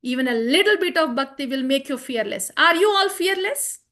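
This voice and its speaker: A woman's voice: high-pitched, expressive, normal speed, pushed and bright. A woman teaching a children's scripture class, chanting verses and repeating her points earnestly. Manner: earnest, repeats phrases, asks the class questions. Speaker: Bhagavad Gita teacher for children.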